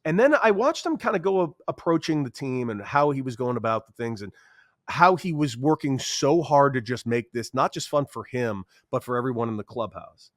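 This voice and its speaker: A man in his thirties tells a story in a loose, casual way and acts out other people's words with big leaps in his voice. His middle-pitched voice sits close to the mic in a dry, dead room. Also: normal speed, no room sound. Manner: animated, acts out quotes with big pitch jumps. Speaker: podcast guest, former baseball player.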